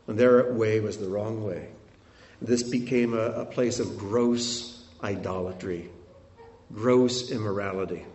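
A man giving a sermon while showing travel photos, telling it in an animated way that swings between loud and hushed. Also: lowish voice, unhurried, reverberant. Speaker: preacher.

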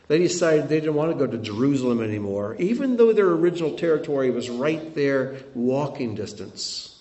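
A man giving a sermon while showing travel photos, telling it in an animated way that swings between loud and hushed. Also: medium pitch, brisk, few pauses, roomy sound, highs cut off. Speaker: preacher.

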